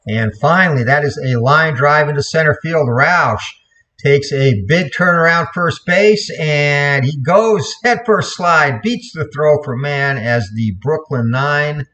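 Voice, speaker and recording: A man calling play-by-play for a replayed computer baseball game, in a steady voice, correcting himself now and then. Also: on the high side, measured pace. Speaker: play-by-play commentator.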